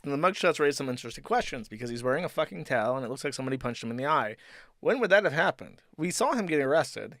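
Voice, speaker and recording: A man's voice: mid-range voice, a bit bright, dry recording, clean studio sound. A man hosting a livestream, talking in a sardonic, profane, rambling way. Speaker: streamer host. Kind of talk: livestream commentary.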